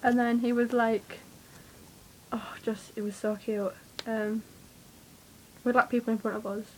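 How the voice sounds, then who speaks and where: A young woman, telling a rambling, excitable story to camera, swearing freely and with lots of fillers. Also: fairly high pitch, measured pace, slight background noise, poor audio. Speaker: vlogger.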